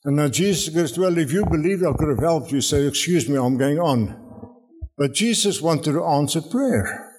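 A man preaches a sermon in a fairly high voice and tells his story with energy. He acts out the people in it and often repeats words as he builds toward his point. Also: expressive, normal speed, darkish tone, slightly rough, soft background music. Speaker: guest preacher.

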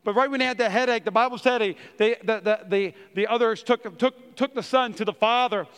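High-voiced man preaching in a big hall. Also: a little fast, clear, resonant tone. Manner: animated storyteller, acts out quotes. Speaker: pastor. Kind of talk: sermon with humorous stories. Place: church.

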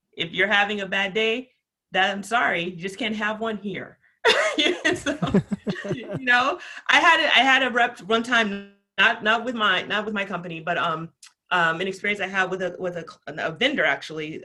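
Customer service is the subject as a woman guest on a podcast interview chats with energy and passion, using lots of fillers. Her voice is on the low side.

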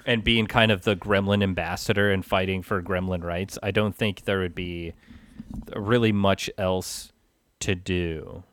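A man co-hosting a podcast in casual film chat, measured, with dry deadpan jokes. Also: low-pitched, a little hiss or hum. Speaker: podcast co-host.

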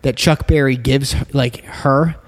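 A man co-hosting a podcast, reacting with animated exclamations and frequent laughs in casual chat. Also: medium pitch, slow pace.

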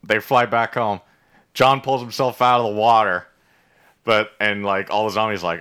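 A man casually recapping a show on a podcast, swearing a lot and telling it with animated, put-on quotes. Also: on the low side, normal speed, clear, resonant tone. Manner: profane, animated retelling with put-on quoted voices. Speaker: podcast co-host recapping episodes. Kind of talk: casual chat.

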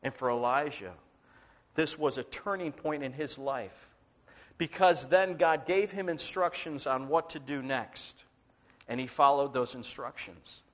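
A man's voice: medium pitch, unhurried, fairly bright tone. A male pastor preaching a sermon, telling stories dramatically and acting out the voices, sometimes dropping to a whisper.

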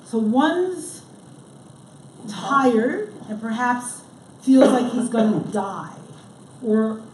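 Woman teaching a study group, slightly high voice, drags words out to stress them, roomy echo. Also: expressive, extremely slow. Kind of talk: leading a text study class. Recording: echoey room with background noise.

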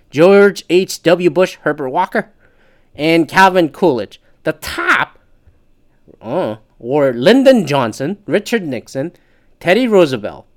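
A podcast host reading an article aloud and breaking off into sarcastic, profane asides in casual commentary. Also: medium pitch. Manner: profane, sarcastic asides between read passages.

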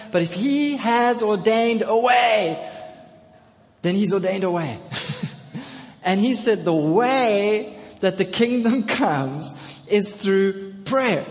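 A man preaching a sermon to his congregation, telling a story with repeated phrases and building to loud, emphatic calls. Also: sits high, animated, unhurried. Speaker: pastor. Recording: long reverb of a large hall.

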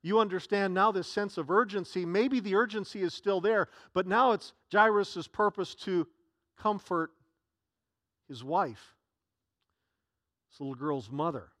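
Male pastor preaching a sermon, high voice, dry close sound, earnest with frequent restarts. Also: unhurried, long pauses, a bit bright, no room sound.

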